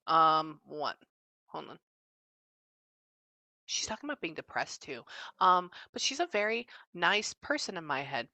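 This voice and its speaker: A woman giving a casual psychic reading, chatting as she relays what she senses with frequent pauses and fillers. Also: deep voice, sing-song, pushed and bright, no room sound. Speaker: psychic medium.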